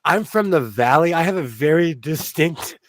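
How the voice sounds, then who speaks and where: A man's voice: fairly high pitch, expressive, moderate pace, no room sound, clean studio sound. A man from the West Coast of the US, chatting casually and laughing often as he tells rambling stories. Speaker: show host. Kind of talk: casual chat while sewing.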